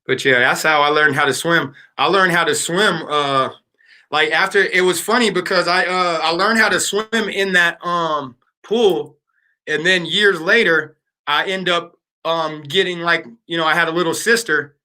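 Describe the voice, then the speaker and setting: A man's voice: fairly high pitch, normal speed, pushed and bright. A man in his thirties chatting casually with viewers on a livestream, telling loose stories full of fillers and slang. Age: 30s. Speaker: livestream host.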